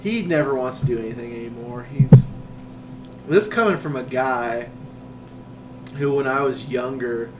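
A man's voice: mid-range voice, normal speed, pauses often. A young man in casual chat as a podcast co-host, rambling and stumbling over his words, laughing often. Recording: noisy room.

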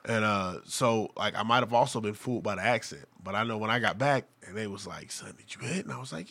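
Male podcast co-host, bright forceful tone, animated crude storyteller. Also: lowish voice, brisk, creaky, breathy edge. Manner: animated storyteller, mimics friends with raised voice. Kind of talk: crude casual banter.

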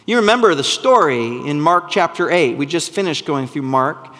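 A man preaching a sermon, earnest and full of rhetorical questions, sometimes dropping to a hushed voice for emphasis. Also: a little high, lively intonation, normal speed, big-room sound. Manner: drops to a hushed, soft voice for emphasis. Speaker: pastor.

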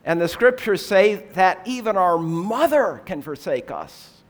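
A man preaches a sermon, explaining scripture in a measured, earnest manner and posing rhetorical questions. His voice sits high with a sing-song quality.

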